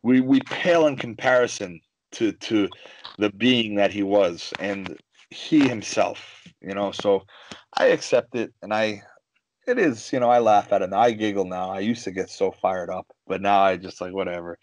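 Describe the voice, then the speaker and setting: A man telling stories in a casual podcast chat, animated and swearing freely. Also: on the low side, normal speed, no room sound, rough recording. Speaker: guest, jiu-jitsu coach and fighter.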